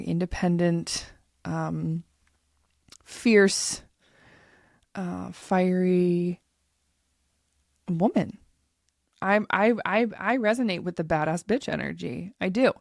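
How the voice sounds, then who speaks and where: A woman's voice: lowish voice, no echo, studio quality. A woman in her thirties hosting a podcast, telling a personal story in a candid, emotional way and swearing freely. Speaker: podcast host.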